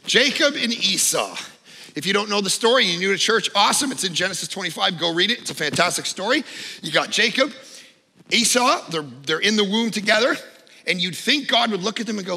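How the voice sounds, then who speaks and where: A man preaching with a high, gravelly and sharply bright voice. He tells his stories with great energy, breaking into shouts and then dropping to a near hush. The sound carries the long echo of a large hall. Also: fairly quick. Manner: animated storytelling, shouting in excitement then dropping low. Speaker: pastor. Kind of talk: sermon.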